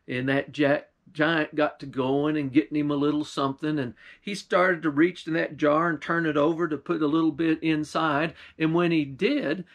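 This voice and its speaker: Preacher guy telling a folk tale, high-pitched, folksy drawl. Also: fairly even intonation, moderate pace, few pauses. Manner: folksy drawl, often starting lines with "why". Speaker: pastor.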